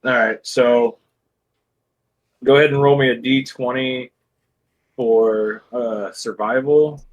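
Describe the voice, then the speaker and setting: A man's voice: medium pitch, steady tone, slow pace, poor audio. A man running a tabletop game as game master, talking loosely and rambling, with casual swearing.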